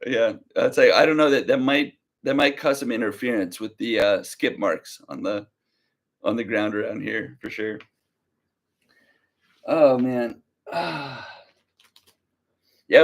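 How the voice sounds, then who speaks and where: A young man hosting a casual livestream, talking slowly and easily with a slight drawl, rambling as he reads viewer comments aloud. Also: fairly low pitch. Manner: slow, easygoing drawl. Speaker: livestream reseller host.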